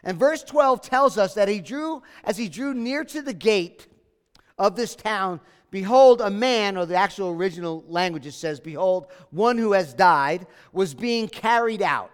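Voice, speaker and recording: A man's voice: high-pitched, lively intonation, a little slow, smooth, long reverb tail. A man preaching a sermon as pastor, earnest and emphatic, repeating his key phrases.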